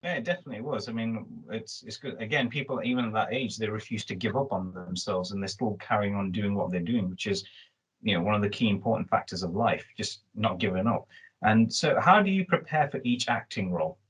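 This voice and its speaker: A man's voice: lowish voice, a little fast, slightly rough, poor audio. A man with a Nottingham accent hosting a chatty interview, rambling and restarting often. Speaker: host. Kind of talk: casual interview chat.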